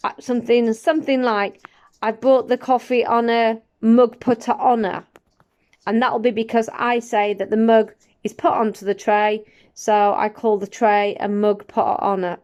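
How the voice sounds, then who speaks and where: A woman in her forties talking casually and reflectively to camera, often pausing and restarting her sentences. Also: mid-range voice, a little mellow, clean tone. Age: 40s. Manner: reflective, with frequent restarts and hesitations. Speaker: vlogger. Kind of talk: casual personal vlog.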